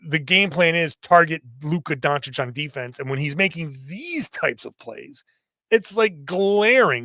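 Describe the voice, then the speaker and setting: High-voiced man analyzing basketball, dry sound. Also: no room sound. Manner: expressive, rambling analysis. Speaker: podcast co-host. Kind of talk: sports analysis chat.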